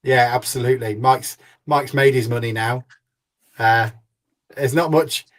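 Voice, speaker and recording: A man's voice: mid-range voice, steady tone, a little slow. A man hosting a fan podcast in casual chat, jokey and teasing. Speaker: podcast host.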